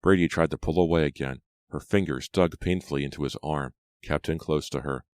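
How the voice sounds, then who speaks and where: A man reads horror narration in a steady, dramatic way. His voice sits extremely low. The recording is dry and close, with no room sound. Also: brisk, no room sound. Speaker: audiobook narrator.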